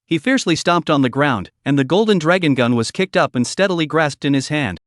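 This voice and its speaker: A man narrating a fantasy comic story recap in a steady, even reading. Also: a little high, a little fast, hardly any pauses, no echo, clean studio sound.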